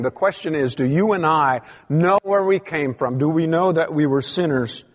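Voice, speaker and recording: A man's voice: on the high side, brisk, hardly any pauses, long reverb tail. A man preaching a sermon, reading scripture aloud with emphatic rises and drops in his delivery. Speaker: pastor.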